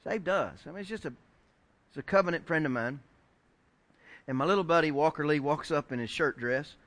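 A middle-aged man preaching a sermon, telling a story with lively acted-out quotes and building to shouted points. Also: fairly high pitch, fairly quick. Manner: animated storyteller acting out quoted voices, rising to shouts. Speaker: pastor.

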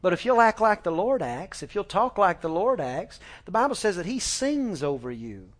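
Folksy preaching man, slightly high voice. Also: normal speed. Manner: folksy, animated preaching with frequent fillers and restarts; acts out family dialogue with shifting voices. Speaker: pastor. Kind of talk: sermon.

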